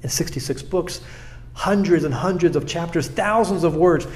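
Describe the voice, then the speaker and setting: A man's voice: fairly high pitch, normal speed, a little mellow. A man, a pastor from South Florida, talking in an interview in an earnest way and often repeating words as he makes a point. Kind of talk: conversational storytelling interview.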